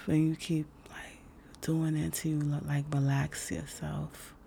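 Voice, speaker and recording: Slow, gravelly low-voiced woman. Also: level tone, a little hiss or hum. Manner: laid-back and slangy, with many fillers; drops to a soft whisper for breathing demonstrations. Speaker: self-help speaker. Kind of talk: casual motivational talk.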